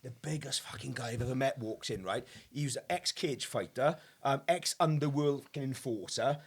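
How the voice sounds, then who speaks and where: A man's voice: medium pitch, moderate pace, slightly rough. A man telling rowdy anecdotes in casual pub chat, swearing freely and laughing through his punchlines.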